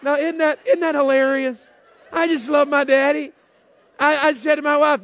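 Folksy preacher, high voice. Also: male voice, steady tone, a little slow, long pauses, a bit bright. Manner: folksy storytelling, calls out to congregation. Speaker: pastor. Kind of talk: sermon.

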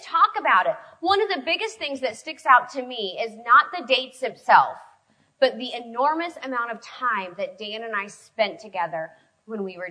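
Woman preacher, chatty storytelling sermon, bright and fairly high. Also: poor audio. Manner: conversational and storytelling, quick shifts in loudness. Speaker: preacher speaking to a women's group.

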